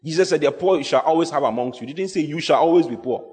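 A pastor preaching a sermon, emphatic and repetitive, often quizzing the congregation. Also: male voice, fairly high pitch, quick pace, a little mellow. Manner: emphatic, repeats key phrases, asks the congregation questions. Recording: long hall reverb.

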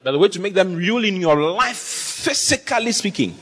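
A man preaching a sermon as pastor, in an animated, repetitive style full of rhetorical questions. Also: high-pitched, normal speed, husky, soft background music.

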